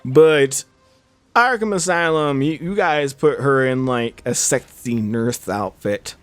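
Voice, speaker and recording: A man's voice: medium pitch, slow, no room sound, faint music behind. A young man chatting casually over a game he is playing, rambling with many fillers and restarts. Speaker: gaming channel host. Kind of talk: casual let's-play commentary.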